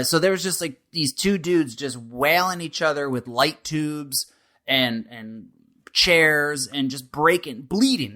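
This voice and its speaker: A man, a wrestler guest, telling a lively story in casual chat, laughing as he goes. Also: a little high.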